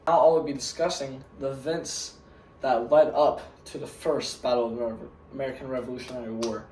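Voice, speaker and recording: A man's voice: medium pitch, darkish tone, slight background noise. A man giving a school history presentation as a pretend museum guide, earnest and starting sentence after sentence with "now". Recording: roomy sound from a distant mic.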